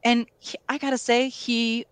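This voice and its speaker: Candid, animated woman in casual talk. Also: on the high side, moderate pace, smooth, dry recording. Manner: candid, animated storytelling with filler words. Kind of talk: casual conversation.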